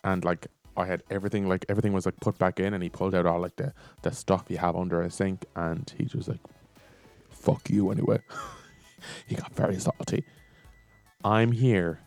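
A man's voice: deep voice, fairly even intonation, a little fast, darkish tone, soft background music. Giggly young man reading texts aloud. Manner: giggly, reads texts aloud with amused commentary. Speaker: co-host reading funny texts. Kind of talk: casual chat.

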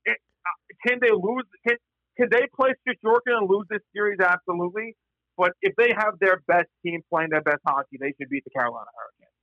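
High-voiced man in halting sports chat. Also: animated, no echo, muffled recording. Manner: halting, many restarts. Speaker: hockey podcast panelist.

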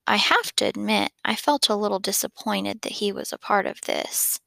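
A woman reading a children's novel aloud in a gentle storytelling manner, now and then slipping and restarting a word. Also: mid-range voice, moderate pace, gravelly, dry recording. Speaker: reader.

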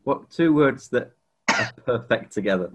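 Hesitant, lively-pitched man. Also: slight background noise. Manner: hesitant, giggly, halting. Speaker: podcast co-host. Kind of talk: casual film podcast chat.

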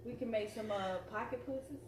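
Playful teasing woman, high-ish voice, far off the mic, noisy echoey room. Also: brisk, darkish tone. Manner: playful, teasing, laughs often. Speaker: podcast co-host. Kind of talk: casual joking chat.

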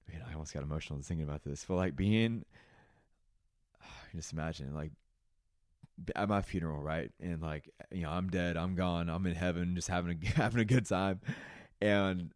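A man's voice: low voice, no room sound, studio quality. A young man hosts his own podcast, talking straight to listeners in a casual, earnest motivational monologue full of "man," "dude" and "y'all.". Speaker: podcast host.

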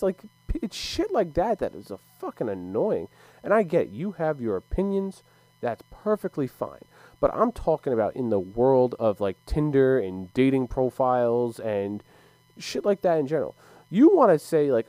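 A man's voice: a little high, big pitch swings, normal speed, mellow, no echo, low-quality recording. A young man ranting casually to camera, heated and profane, with frequent stumbles and restarts. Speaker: sports commentator.

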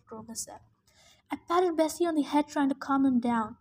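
A woman's voice: sits high, normal speed, darkish tone. A woman hosting a podcast, reading a novel aloud in plain storytelling narration with small stumbles. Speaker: podcast reader.

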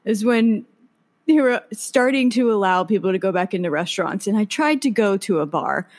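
A woman's voice: medium pitch, expressive, normal speed, a little mellow. A young woman chatting casually as a guest, laughing often as she tells her stories. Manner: giggly, laughs often while telling stories. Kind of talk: casual chat.

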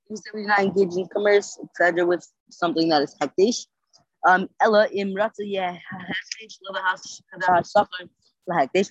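A podcast host reading the daily Talmud page aloud and translating it line by line, halting with many fillers and self-corrections, sleepy and yawning. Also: medium pitch, no room sound, muffled recording.

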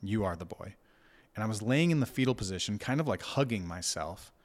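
A low-pitched man in his thirties recounts a deeply personal experience in relaxed conversation. He speaks haltingly, circling back with fillers and restarts as he searches for words. His tone is reflective and unhurried. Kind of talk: casual conversation.

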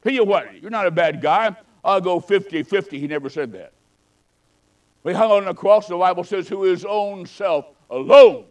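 A man preaching a sermon with a higher-pitched voice. He swings between loud, fervent calls and quiet, hushed storytelling, in the manner of a travelling evangelist. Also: expressive, a little slow, rough recording.

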